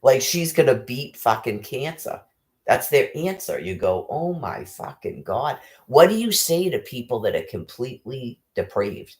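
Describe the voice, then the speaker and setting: A man's voice: mid-range voice, sing-song, moderate pace. A man, ranting angrily and swearing constantly, firing off rhetorical questions. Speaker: ranting commentator. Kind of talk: angry profane rant.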